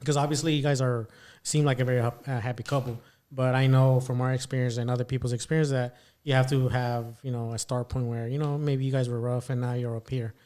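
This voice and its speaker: A man in a middle register hosts a relaxed podcast conversation. His sense of humour runs sarcastic, and he keeps the tone loose and chatty. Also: mid-range voice, quick pace. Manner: sarcastic, joking. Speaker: podcast host. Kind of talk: casual conversation.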